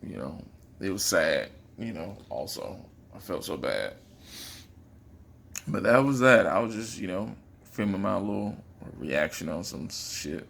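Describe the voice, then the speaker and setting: A man giving casual, profane reaction commentary while rewatching a fight, laid-back and quick to laugh. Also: low voice, very animated, vocal fry, fairly bright tone, a little hiss or hum.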